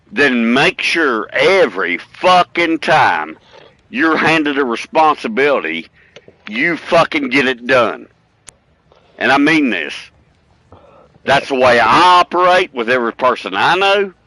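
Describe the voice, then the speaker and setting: Guy, middle aged, blunt and sweary, bright punchy voice, dry close mic. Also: medium pitch, no room sound, poor audio. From United States. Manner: blunt, profane, preachy and emphatic. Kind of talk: casual chat on a livestream.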